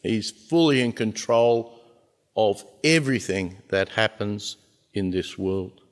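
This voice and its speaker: A man preaching a sermon as a pastor, earnest, with emphatic pauses and swells in volume. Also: lowish voice, expressive. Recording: long reverb of a large hall.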